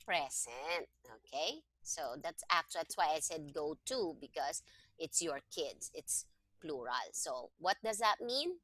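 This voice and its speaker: Bright-voiced woman tutoring one-on-one. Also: low-pitched, expressive, slow, no room sound. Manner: patient, explains step by step. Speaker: Tagalog tutor. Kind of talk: one-on-one language lesson.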